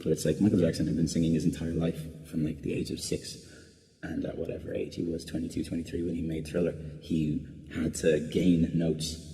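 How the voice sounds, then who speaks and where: A man's voice: very deep voice, flat delivery, fairly quick, warm tone. A man, a singer being interviewed, answering casually and rambling with lots of restarts and "like" fillers. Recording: long reverb.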